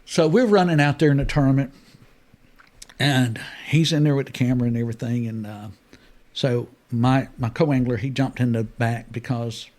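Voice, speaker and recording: An older man, a guest telling fishing stories in a casual studio chat, acting out voices with big jumps. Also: moderate pace. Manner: animated storyteller, acts out quoted voices with big pitch jumps.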